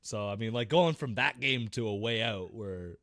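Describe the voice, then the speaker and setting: A man co-hosting a casual gaming podcast, telling stories in an animated way and swearing constantly. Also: fairly low pitch, moderate pace, gravelly, no echo, clean studio sound. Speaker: podcast co-host.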